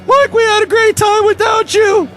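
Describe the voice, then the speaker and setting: Falsetto comic sidekick: an excitable floor worker, yelling high. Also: male voice, moderate pace, soft background music. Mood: excited. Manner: shouts in a squeaky falsetto.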